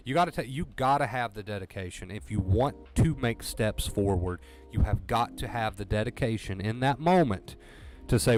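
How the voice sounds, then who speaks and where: A man's voice: mid-range voice, moderate pace. A man coaching viewers through anxiety recovery on a livestream, talking earnestly and directly, repeating his points for emphasis. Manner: earnest, repetitive, direct pep talk.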